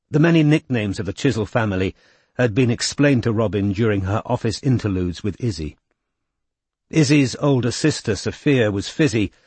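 Husky male audiobook narrator. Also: lowish voice, no echo. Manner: measured, expressive storytelling. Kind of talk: scripted narration.

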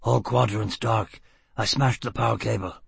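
A desperate male convict on the run, as a narrator plays him, gasping out gruff orders. His husky voice is close and dry, with no room around it. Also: lowish voice, steady tone, moderate pace, fairly bright tone, no echo, heavily acted. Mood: urgent. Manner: gasping, gruff, urgent commands. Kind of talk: audiobook reading.

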